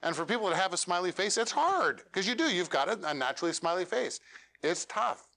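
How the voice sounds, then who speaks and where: A man leads a live workshop for a meetup room, coaching in a direct, plain-spoken way. His voice sits somewhat high. He keeps ending his points with questions to the audience. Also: lively intonation, a little fast, gravelly, bright, forceful tone. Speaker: featured speaker.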